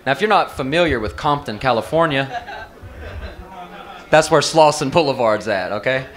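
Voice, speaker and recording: A man's voice: mid-range voice, expressive, normal speed, a bit bright. A man in his thirties from the American South with a Southern accent, doing a profane, loose stand-up set at an open mic. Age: 30s. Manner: loose, profane storytelling with drawled asides. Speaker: stand-up comedian. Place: bar open mic stage.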